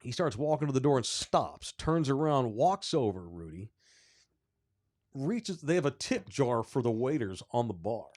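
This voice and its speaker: Male podcast host, casual storyteller, animated and profane, acts out the people in his story. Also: medium pitch, a little slow.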